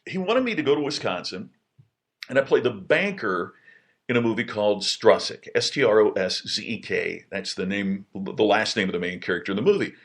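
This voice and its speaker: A middle-aged man telling a personal story in a casual podcast monologue, with many restarts and sudden excited jumps in pitch. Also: a little fast. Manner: animated, lots of restarts, jumps high in pitch when excited.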